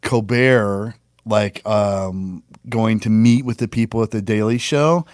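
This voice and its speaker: A man co-hosting a comedy podcast, retelling an anecdote in a relaxed, casual way. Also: on the low side, slow pace, no echo, clean studio sound.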